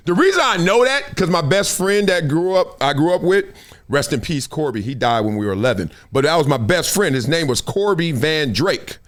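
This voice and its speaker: A middle-aged man hosting his own show, chatting casually in slangy, animated talk with frequent laughs. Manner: animated, slangy, laughs often, quick jumps in pitch. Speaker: show host. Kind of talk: casual chat.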